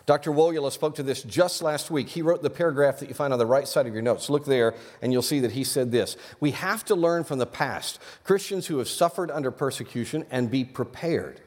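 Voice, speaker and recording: Male pastor, earnest sermon delivery, mid pitch, big reverberant hall. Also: a little fast, hardly any pauses. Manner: earnest, animated preaching with repeated restarts. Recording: long reverb of a large hall.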